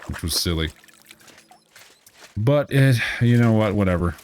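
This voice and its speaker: A man's voice: on the low side, expressive, measured pace, a little mellow. Sarcastic rambling male streamer. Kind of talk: casual gameplay commentary.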